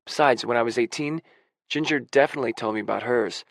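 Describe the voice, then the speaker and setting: A man narrating a first-person audiobook in a wry, gruff manner on a close studio mic. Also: medium pitch, quick pace, no echo.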